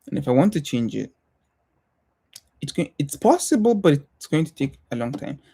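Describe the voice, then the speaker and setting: Young male streamer, non-American accent, mellow tone, reflective and hesitant delivery. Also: on the high side, very animated, gravelly, husky. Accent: non-American English accent. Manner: thoughtful, hesitant, many pauses and restarts. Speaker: livestreamer. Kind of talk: casual reflective livestream talk.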